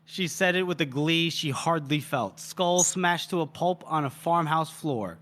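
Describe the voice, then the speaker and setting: Chatty man retelling a story, slightly high voice. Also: unhurried. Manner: animated, chatty, swears freely. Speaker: podcast co-host. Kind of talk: casual book-discussion retelling.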